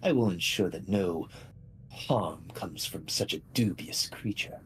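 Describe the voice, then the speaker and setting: A man's voice: low-pitched, lively intonation, measured pace, a little hiss or hum. A man voicing a loyal female fox familiar who speaks formally to her master. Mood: dutiful. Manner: formal, devoted.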